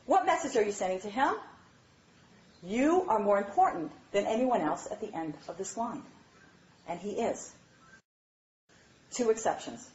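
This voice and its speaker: A woman giving a lively, chatty lecture on marriage, often checking in with her audience. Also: medium pitch, a little slow, long pauses. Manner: animated, chatty, asks "all right?" often. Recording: dull, roomy hall recording.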